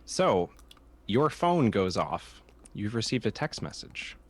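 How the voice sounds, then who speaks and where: A man narrating as game master of a tabletop role-playing game, describing scenes in a measured way with frequent "um"s. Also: on the low side, sing-song.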